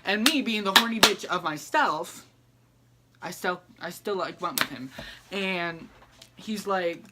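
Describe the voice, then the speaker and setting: A man's voice: sits high, expressive, a little slow, very noisy. A young man telling a story in a casual vlog, sassy and dramatic, acting out each person he quotes.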